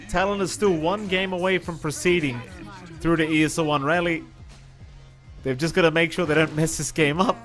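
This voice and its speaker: A man with a somewhat high voice casts a live esports match in a relaxed way. He teases his co-caster and keeps the talk loose and jokey. Soft music sits faintly in the background. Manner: teasing, laid-back banter. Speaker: esports commentator. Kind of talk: live game commentary.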